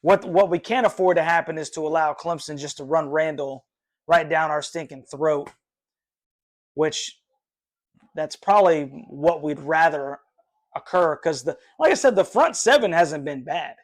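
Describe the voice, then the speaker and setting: A man's voice: on the high side, moderate pace. A man from North Carolina hosting a live sports reaction stream from his room, rambling with many fillers and sounding frustrated with his team. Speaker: fan livestream host.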